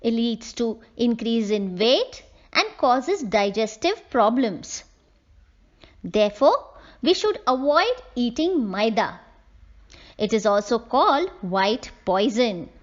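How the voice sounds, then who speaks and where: A woman teacher, slowly explaining a textbook lesson to young children and spelling out words letter by letter. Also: fairly high pitch, expressive, highs cut off. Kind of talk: classroom lesson reading from a textbook.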